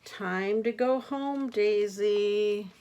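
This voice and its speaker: Slow-reading older grandma storyteller. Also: female voice, medium pitch, dull audio. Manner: gentle and expressive, gasping and asking the listener questions. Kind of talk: reading picture books aloud to children.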